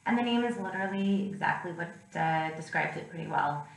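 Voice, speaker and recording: A woman's voice: fairly low pitch, animated, fairly quick, vocal fry. Woman teaching in an echoey room. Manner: patient step-by-step explaining. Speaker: Greek teacher. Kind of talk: recorded grammar lesson. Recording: echoey room with faint noise.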